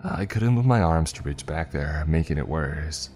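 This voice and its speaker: A man narrating a first-person story in a measured, tense storytelling manner. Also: rumbling low, expressive, a little mellow, faint music behind.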